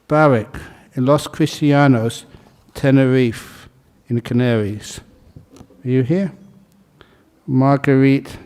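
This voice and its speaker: A Buddhist monk leading a ceremony, calling out names in a casual, joking way and laughing between them. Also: male voice, medium pitch, darkish tone. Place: large hall.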